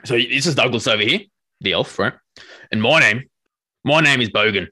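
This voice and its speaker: A man's voice: mid-range voice, lively intonation, moderate pace, pushed and bright, breathy edge, voice pushed up, exaggerated voice. A man voicing a casual male dwarf who introduces himself in an offhand, matter-of-fact way. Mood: friendly.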